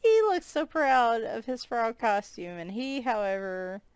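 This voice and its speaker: A woman gives casual, amused commentary, breaking into giggles often. Her voice is smooth and clear, and she talks at an unhurried pace. The sound is dry and close, with no room echo. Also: fairly high pitch, very animated. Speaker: coloring book reviewer. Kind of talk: casual flip-through commentary.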